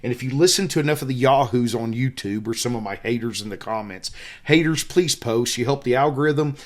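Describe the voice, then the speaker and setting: A man's voice: mid-range voice, a little fast. Emphatic Southern man in his fifties. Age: 50s. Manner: emphatic, repeats key points. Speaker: photography instructor. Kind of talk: casual teaching monologue.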